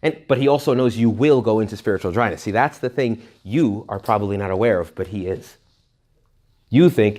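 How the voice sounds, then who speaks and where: A man's voice: fairly low pitch, brisk, darkish tone. A man giving a retreat talk to young adults, speaking conversationally, joking and often checking in with his listeners. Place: retreat hall.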